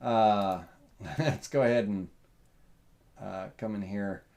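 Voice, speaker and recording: Rambling Southern man teaching software. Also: lowish voice, slow pace, creaky. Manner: relaxed, rambling, thinks aloud with many fillers. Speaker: software tutorial host. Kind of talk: live software tutorial.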